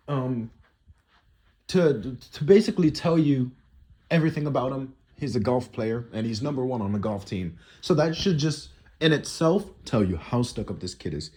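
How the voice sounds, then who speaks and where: A man's voice: mid-range voice, mellow, slightly rough. A teenage boy telling a casual storytime monologue, rambling with lots of "you know" and "like" fillers. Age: teens.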